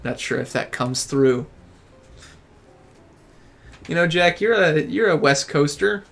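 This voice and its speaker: High-ish and lively in intonation, this man's fairly bright voice has vocal fry. A Southern US accent marks him as from Tennessee, and he hosts a casual live gameplay stream, rambling chattily and joking with co-players.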